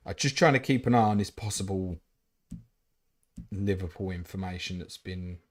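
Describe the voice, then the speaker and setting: A man's voice: low-pitched, normal speed, a little hiss or hum. A man hosting a live fantasy football stream, reading out chat questions and answering them bluntly, with casual swearing. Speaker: fantasy football livestream host.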